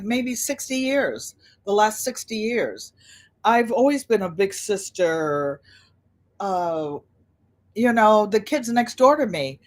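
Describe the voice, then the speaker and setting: An older woman hosts a casual livestream in a chatty storytelling way. She brings people she quotes to life with animated voices. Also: mid-range voice. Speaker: channel host.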